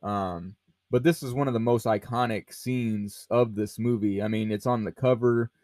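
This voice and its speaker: A man's voice: fairly low pitch, steady tone, normal speed, darkish tone, dry recording. A man hosting a podcast, talking about a film casually with lots of fillers and restarts. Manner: rambling, many fillers and restarts. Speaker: podcast host.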